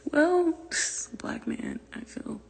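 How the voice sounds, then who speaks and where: A high, animated woman's voice stretches out words, gravelly yet a little mellow, echoing as if in a large hall. She's chatting on a phone livestream from her family room, reading comments in a loose, profane, rambling way and at times whispering.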